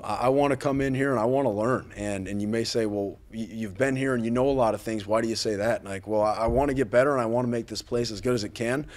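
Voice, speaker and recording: A man in his thirties, a football coach giving earnest, grateful remarks at a press conference, full of fillers and restarts. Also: medium pitch. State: a little choked up.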